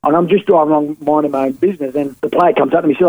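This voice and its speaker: Guest spot: Australian man, fairly high voice, chatty self-deprecating yarns, dry studio sound. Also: fairly even intonation, rapid-fire, few pauses, dry recording, phone-quality sound. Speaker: guest, former touring golf pro. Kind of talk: casual storytelling anecdotes.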